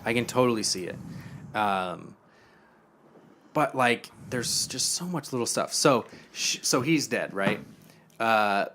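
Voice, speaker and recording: Young male podcast co-host, mid-pitched, rambling casual recap, drops into quiet voices for the quoted lines. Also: lively intonation, takes it slowly, long pauses, a little hiss or hum. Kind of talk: casual chat, retelling a TV episode.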